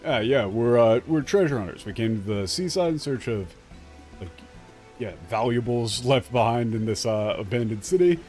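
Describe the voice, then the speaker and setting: A man's voice: medium pitch, animated, normal speed, a little mellow, soft background music. A young man commentating a game he is playing, translating the dialogue in a rambling, profane way with many fillers and restarts. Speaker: let's play streamer.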